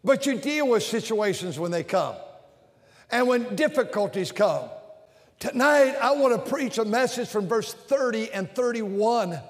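High-pitched baptist preacher man, big church, emphatic, lots of echo. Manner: emphatic, leads call-and-response chants. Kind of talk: sermon. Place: large church with balcony and bleachers.

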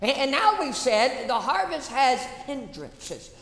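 A woman's voice: sits high, big pitch swings, a little slow, fairly bright tone. A woman pastor preaching a sermon, emphatic, repeating phrases and calling out questions to the congregation. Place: church sanctuary. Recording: echoey church hall reverb.

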